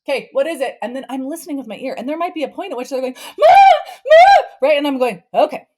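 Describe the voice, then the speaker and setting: Animated woman therapist acting out scenes. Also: high voice, rapid-fire, breathy edge. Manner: animated, acts out family scenes with playful voice shifts. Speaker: therapist and podcast guest. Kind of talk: conversational parenting advice.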